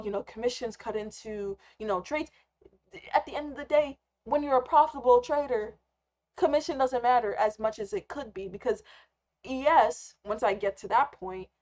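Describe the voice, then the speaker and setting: A young woman talks through an unscripted live rant, candid and rambling, swearing freely. Her voice sits a little high. The recording is somewhat dull and lo-fi. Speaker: trader and vlogger. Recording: slightly muffled lo-fi recording.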